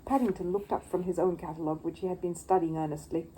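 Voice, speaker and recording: A woman storyteller giving an expressive reading of a children's storybook. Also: lowish voice, fast, a little hiss or hum, rough recording. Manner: expressive, lively narration.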